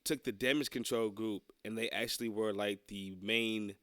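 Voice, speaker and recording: Male co-host with a raspy smoker's voice, blunt and profane, recorded dry and close. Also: lowish voice, fairly even intonation, normal speed, a bit bright, no echo. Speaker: podcast co-host. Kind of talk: casual wrestling chat.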